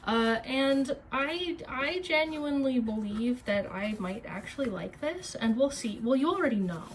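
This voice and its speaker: A woman's voice: high-pitched, animated, normal speed. A woman vlogger chatting casually while she cooks in a kitchen, rambling, mocking herself and swearing freely. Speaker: streamer and cooking vlogger. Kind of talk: casual cooking vlog chat. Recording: noisy kitchen with chopping sounds.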